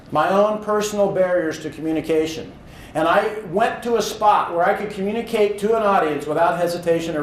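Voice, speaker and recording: A man who speaks professionally tells a motivational story about his own career in an earnest, animated way, now and then acting out his own thoughts. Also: on the high side, echoey room, slight background noise, rough recording.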